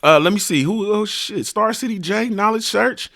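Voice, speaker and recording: A man's voice: high voice, moderate pace, vocal fry, a bit bright, no room sound, studio quality. A man hosting a casual livestream, greeting viewers by name in a laid-back, slangy, sing-song way. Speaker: livestream host.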